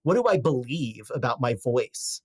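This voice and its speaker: A man's voice: medium pitch, expressive, moderate pace, dry recording. A man in his forties speaking as a podcast guest, giving advice in a reflective, rambling way with fillers and restarts. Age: 40s.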